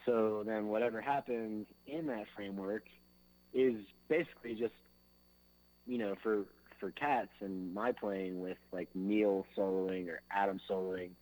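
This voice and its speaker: A man's voice: lowish voice, steady tone, a little slow, darkish tone, poor audio. Rambling man sounding out drum grooves. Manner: loose and rambling, fills with "like" and "you know"; sings drum beats with his mouth. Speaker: drummer and interview guest. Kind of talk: casual interview chat.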